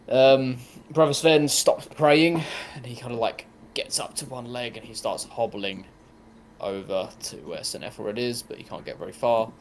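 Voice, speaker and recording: A man's voice: lowish voice, a little hiss or hum. A man narrating as game master, rambling with lots of ums and likes.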